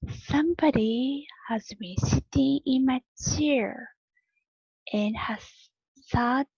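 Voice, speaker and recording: A woman's voice: sits high, slow pace, gravelly, a little mellow, breathy edge, no room sound, muffled recording, voice pushed up, exaggerated voice. A woman whispering as a little wee boy bear. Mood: upset.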